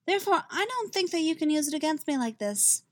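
A woman's voice: high voice, big pitch swings, a little fast, no echo, voice pushed up. Cool, prim sorceress with dry wit, voiced lightly by a woman narrator. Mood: dry teasing.

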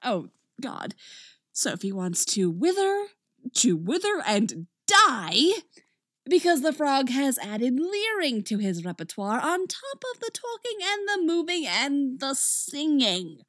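A woman reading a story aloud with expressive, wry narration, recorded close up. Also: sits high, slow, dry recording.

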